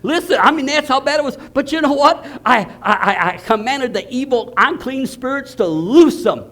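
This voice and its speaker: An older man preaching, telling a story with loud exclaims and low murmurs. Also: animated, moderate pace. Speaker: pastor. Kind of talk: storytelling sermon.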